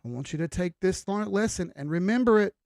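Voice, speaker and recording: A man's voice: high-pitched, animated, brisk, vocal fry, a little mellow, no room sound, clean studio sound. A young man hosting a crypto trading livestream, giving an emphatic, preachy, blunt pep talk with casual swearing.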